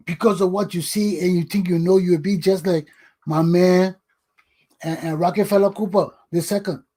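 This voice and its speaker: A man's voice: sits high, mellow, husky. An older man from Liberia with a Liberian English accent, hosting his own talk show in a scolding, emphatic lecturing monologue that repeats words for stress.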